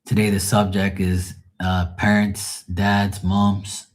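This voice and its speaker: Deep-voiced man telling blunt stories. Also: monotone, takes it slowly. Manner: blunt, swearing storyteller; greets viewers by name. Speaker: live tarot stream host. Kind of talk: casual livestream chat.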